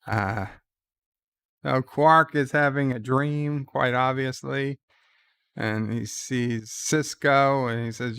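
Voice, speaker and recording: A man's voice: mid-range voice, fairly even intonation, slow pace, vocal fry, a bit bright, clean tone, no room sound. A man casually recapping a TV episode in a conversational way and retelling its scenes. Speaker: show commentator.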